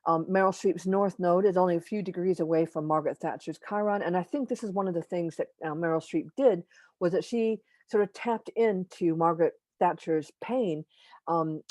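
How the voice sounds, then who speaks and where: A woman with a low, mellow voice gives an informal astrology lecture over a video call. She speaks haltingly, pausing often and correcting herself mid-sentence. The sound is dry and close. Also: dry recording. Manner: halting, frequent pauses and self-corrections; opinionated asides. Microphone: computer mic on a video call.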